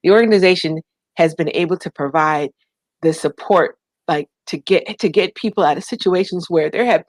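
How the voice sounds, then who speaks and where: A woman from the United States telling her story in an interview, animated, acting out quoted voices and fighting back tears. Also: fairly low pitch, normal speed, no room sound. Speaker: guest, nonprofit founder.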